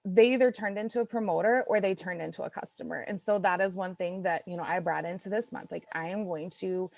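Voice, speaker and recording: A woman's voice: lowish voice, brisk, vocal fry, darkish tone, dry recording. Rambling emotional young woman on a video call. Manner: rambling, emotional, many "like"s and restarts. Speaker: co-host of a morning video call. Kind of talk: casual group video call chat. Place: home office.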